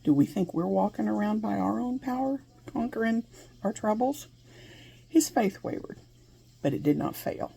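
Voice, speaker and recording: Woman Bible teacher, husky and gravelly, earnest and conversational, puts questions to her listeners. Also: mid-range voice, lively intonation, normal speed, long pauses, mellow. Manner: earnest, laughs between points.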